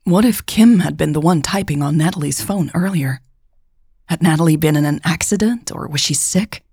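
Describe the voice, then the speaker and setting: Low, gravelly woman narrating a story. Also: moderate pace, darkish tone, dry recording, clean studio sound. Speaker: podcast author and narrator. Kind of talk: audiobook fiction narration.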